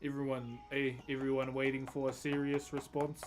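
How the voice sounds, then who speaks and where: A man's voice: mid-range voice, completely flat delivery, normal speed. Laid-back rural New Zealand man. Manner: laid-back, jokey, calls everyone brother. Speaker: wood carver streaming live. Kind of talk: casual livestream chat with viewers.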